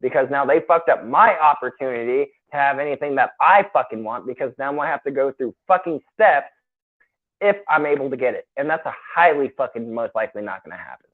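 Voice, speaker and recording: A man's voice: medium pitch, lively intonation, fairly quick. A man joining a casual livestream chat as co-host, blunt and profane, speaking his mind. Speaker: co-host guest. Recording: tinny phone-like call audio.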